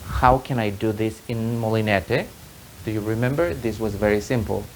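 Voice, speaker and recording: A man's voice: fairly low pitch, normal speed, a little hiss or hum, low-quality recording. A man teaching an online tango lesson, patiently explaining and counting the rhythm aloud in a sing-song way.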